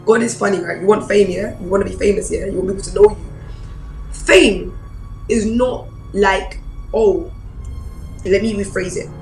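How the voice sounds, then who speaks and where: A woman pastor, preaching a personal testimony in an animated storytelling way. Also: medium pitch, normal speed, creaky, long pauses, echoey room, soft background music, poor audio. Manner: animated storyteller, acts out quoted voices.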